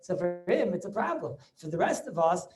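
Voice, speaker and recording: There's music in the background as a middle-aged rabbi, very animated and high-pitched, holds an informal video call class. He halts and restarts frequently, laughing as he banters with students, all captured on the call's microphone.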